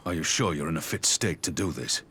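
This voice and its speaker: A man voicing a gruff older male army commander who speaks in a deliberate, commanding way. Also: extremely low pitch, fairly bright tone, voice pushed down, exaggerated voice. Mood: resolute. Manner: deliberate, commanding speech with old-fashioned phrasing.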